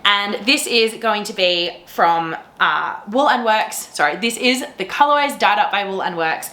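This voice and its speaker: Woman, podcast host, bright enthusiastic chatter, echoey room, some faint noise behind. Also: mid-range voice, animated, unhurried. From Australia. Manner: gushing, enthusiastic, laughs often. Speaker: teacher. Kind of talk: casual chat to camera.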